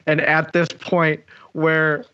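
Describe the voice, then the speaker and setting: A man co-hosting a podcast, giving an animated play-by-play retelling of a show's scenes in casual chat. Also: fairly high pitch, takes it slowly, clear, resonant tone. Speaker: podcast co-host. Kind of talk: casual chat, recapping an episode. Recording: slightly dull lo-fi sound.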